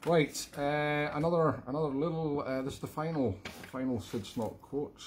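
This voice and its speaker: A man's voice: fairly high pitch, moderate pace, a little hiss or hum. A Scottish man hosting a live music stream, chatting casually and rambling between tunes in a self-deprecating way. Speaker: musician hosting a livestream show.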